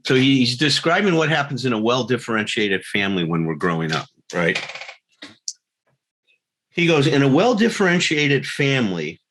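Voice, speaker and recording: This recovery-group talk comes from a man with an expressive, fairly bright mid-range voice at normal speed, with frequent pauses. He stays earnest while occasionally laughing at himself and acting out small disputes in different voices.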